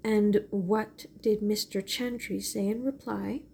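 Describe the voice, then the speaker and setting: Woman voicing a crisp, calculating woman. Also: mid-range voice, steady tone, takes it slowly, dark tone, slight background noise. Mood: dismissive. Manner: crisp, cool. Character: cool, calculating woman friend. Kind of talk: audiobook reading.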